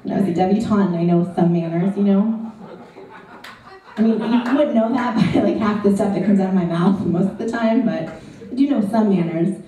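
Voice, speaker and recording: A woman's voice: mid-range voice, a little fast, mellow, heavy reverb, recorded from a distance, low-quality recording. A woman performing a stand-up comedy set in a club, chatty and ironic, full of "like" and "you know".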